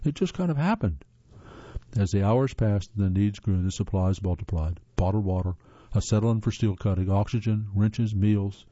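A man's voice: lowish voice, level tone, normal speed, dark tone, dry recording. A man from the northern United States reading articles aloud as a host, earnest, with spoken asides and occasional stumbles. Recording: slightly dull lo-fi sound.

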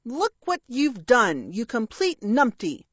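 A woman's voice: fairly high pitch, big pitch swings, slow pace, breathy edge, no echo, dull audio, heavily acted. A woman voicing a rude, foul-mouthed male pet parrot who snaps and bawls orders in an audiobook reading. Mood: shrieking, scolding. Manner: snappish, bawling, cursing.

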